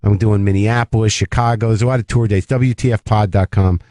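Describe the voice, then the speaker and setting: A man, a comedian and podcast host, telling an animated, rambling story as a guest on a talk radio show, often cutting himself off mid-sentence. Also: lowish voice, fairly quick, no room sound. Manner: rambling, animated, self-interrupting.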